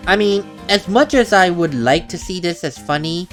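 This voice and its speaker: A young woman giving casual, playful gameplay commentary and laughing often. Her voice sits low and moves slowly with lively rises and falls. Faint game music plays underneath. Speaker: let's play host.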